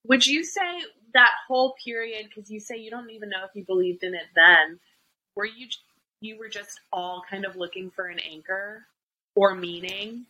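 A woman's voice: medium pitch, normal speed, pushed and bright, low-quality recording. A woman in her twenties hosting a podcast in casual chat, speaking in a thoughtful, earnest way and asking follow-up questions. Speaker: podcast host.

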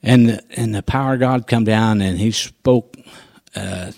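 A man telling a personal faith testimony in a folksy, animated storytelling manner. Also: fairly low pitch, a little slow, creaky, no room sound, clean studio sound. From rural farming background. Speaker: guest sharing testimony.

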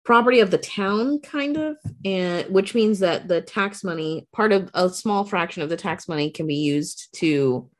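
A woman's voice: fairly low pitch, moderate pace, hardly any pauses. A woman in casual conversation, explaining something plainly with fillers. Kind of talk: casual chat.

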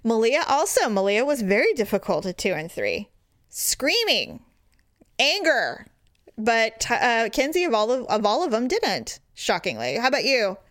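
A middle-aged woman in easy conversation, her voice sitting a little high. She tells stories with energy and jumps into squeaky voices when quoting people. The sound is close and dry, with no room around it. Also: measured pace, no room sound. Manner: animated storyteller, acts out quotes in high voices. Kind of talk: casual chat.

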